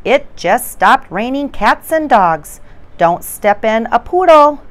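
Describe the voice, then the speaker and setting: A woman reading aloud gives voice to a cheery, muddle-headed schoolteacher in a children's storybook. Her voice is bright and fairly high, with a lively, swooping melody as she calls out to the class. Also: takes it slowly. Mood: cheerful. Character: silly female schoolteacher mixing up words.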